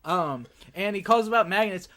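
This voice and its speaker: A man hosting a podcast, chatting crudely and excitedly with a co-host. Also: high voice, normal speed, crowd noise. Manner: excitable, laughing, crude banter. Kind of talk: casual chat.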